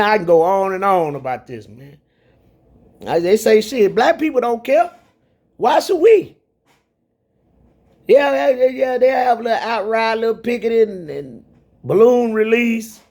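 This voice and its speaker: A man giving ranting commentary, rambling and repeating himself, heated and profane. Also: very high-pitched.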